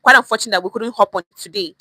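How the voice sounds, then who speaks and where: Bright-voiced Nigerian woman teaching. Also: mid-range voice, very fast, no room sound, poor audio. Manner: animated, repeats phrases to demonstrate tone. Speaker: Pidgin English tutor. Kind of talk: livestream lesson.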